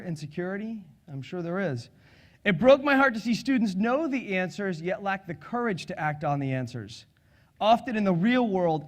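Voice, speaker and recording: A middle-aged man with a notably high voice presents a sales seminar to a live audience. He is energetic and playful, joking with the room and asking the listeners questions. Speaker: sales and public speaking trainer.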